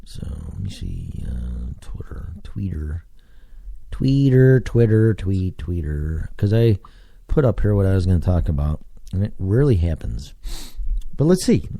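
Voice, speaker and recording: A man's voice: deep voice, wildly swooping pitch, normal speed, vocal fry, dark tone, breathy edge, dry recording. An American man hosting a solo podcast, talking casually and rambling with many fillers. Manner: casual, digressive, lots of fillers. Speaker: podcast host.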